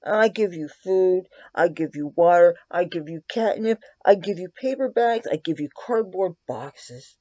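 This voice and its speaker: A woman's voice: medium pitch, mellow, no room sound, lo-fi sound. A woman filming a makeup tutorial in her room at home, rambling and chatting fondly to her cat between steps. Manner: rambling, fond baby talk to her cat.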